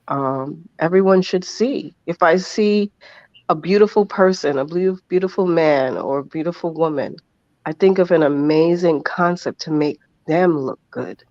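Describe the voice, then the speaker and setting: A man's voice: a little high, a little slow, darkish tone, no room sound. A man speaking as a podcast guest, earnest and heartfelt, often repeating himself for emphasis. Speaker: interview guest. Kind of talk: emotional podcast interview. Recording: dull lo-fi remote audio.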